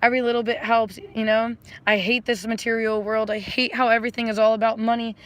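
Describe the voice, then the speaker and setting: A woman who offers readings chats casually to her livestream viewers, talking fast in a fairly high voice with little pitch movement. She rambles effusively, repeats affectionate phrases, and slips into a spiritual pep talk while emotional and close to tears.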